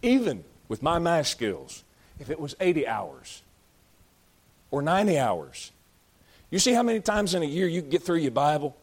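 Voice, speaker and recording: A man preaching a sermon, swinging between loud, drawn-out exhortations and low, conversational asides. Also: big pitch swings. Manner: rising to shouted exhortation, then dropping low and conversational.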